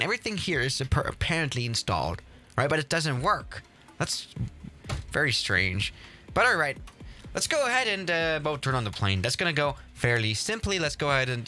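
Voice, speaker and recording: Lively, bright-voiced young man streaming a game. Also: on the high side. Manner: excitable, exasperated, stumbling restarts. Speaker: flight sim streamer. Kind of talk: casual gameplay commentary.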